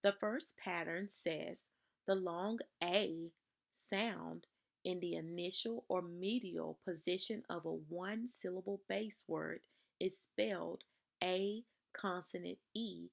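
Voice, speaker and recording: A woman teaching a spelling lesson to children, explaining slowly and carefully and sounding words out for her class to repeat. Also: on the low side, vocal fry. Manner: slow, careful, over-enunciated dictation.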